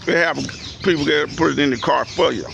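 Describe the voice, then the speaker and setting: A man telling a story in a casual, profane, animated way for his vlog. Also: a little high, a little fast, creaky. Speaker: vlogger. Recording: noisy outdoor recording. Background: roosters and chickens.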